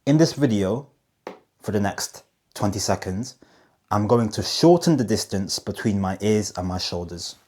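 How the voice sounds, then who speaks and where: Communication coach, male, lowish voice, emphatic, deliberate pauses on key points. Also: expressive, darkish tone, breathy edge. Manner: emphatic, slows down on key phrases; demonstrative, asks rhetorical questions. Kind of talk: direct-to-camera coaching talk.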